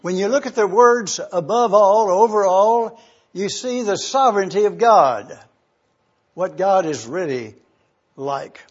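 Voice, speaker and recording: A man preaching a sermon, teaching scripture slowly and deliberately with emphatic pauses. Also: high voice, animated. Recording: dull lo-fi recording.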